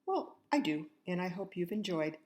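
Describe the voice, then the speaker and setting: With a lowish, warm voice, a grandmother narrates a children's fairy tale at a moderate pace, very animated throughout. Her style is conversational, and she talks straight to the little listeners.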